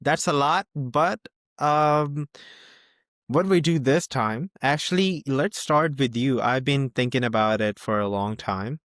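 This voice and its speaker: A man's voice: mid-range voice, unhurried, a bit bright, no echo, clean studio sound. Enthusiastic male podcast host. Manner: enthusiastic, restarts phrases. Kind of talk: casual interview chat.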